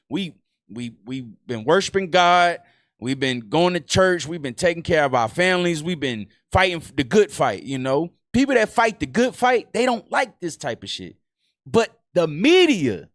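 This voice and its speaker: A man's voice: fairly high pitch, expressive, normal speed, fairly bright tone, no room sound, studio quality. A man with a Southern US accent, doing casual reaction commentary in a loose, profane, rambling way with many restarts. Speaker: reaction streamer.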